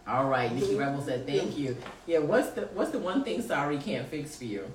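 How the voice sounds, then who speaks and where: Her voice sits low and sounds expressive, moving at a moderate pace as she hosts a podcast and reads out live chat comments. She laughs and teases in loose slang throughout this casual chat, captured on a distant mic with roomy echo and faint noise.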